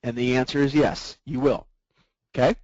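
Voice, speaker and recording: A man leading a sales training webinar, often checking in with his listeners through quick rhetorical questions. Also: mid-range voice, fairly even intonation, darkish tone, no room sound, muffled recording.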